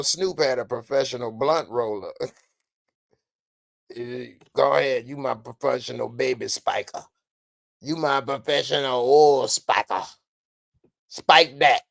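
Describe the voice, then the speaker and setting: A man hosting a podcast in casual commentary, animated and slangy, laughing often. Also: mid-range voice, creaky, no room sound. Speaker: podcast host.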